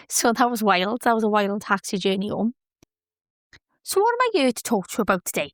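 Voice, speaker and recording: A woman's voice: on the high side, big pitch swings, normal speed, long pauses, a bit bright, no echo, clean studio sound. A young woman hosting a motivational podcast, chatty and encouraging, cheering her listeners on. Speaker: podcast host.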